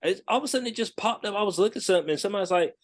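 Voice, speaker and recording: A man's voice: sits high, racing. Slangy, laid-back male podcast host. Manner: relaxed, slangy, acts out a rude clerk. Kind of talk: casual podcast chat.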